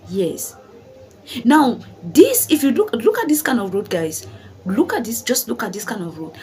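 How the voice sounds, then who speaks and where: Emphatic woman vlogger, repeating herself. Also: medium pitch. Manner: emphatic, repeats phrases, addresses viewers as guys; rhetorical questions. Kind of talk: commentary vlog.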